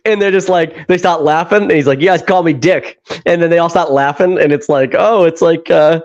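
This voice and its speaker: This man co-hosts a laid-back podcast conversation, speaking briskly in a fairly high voice over dull-sounding audio. Laughter comes easily to him, the swearing is unrestrained, and he performs movie scenes as he recounts them.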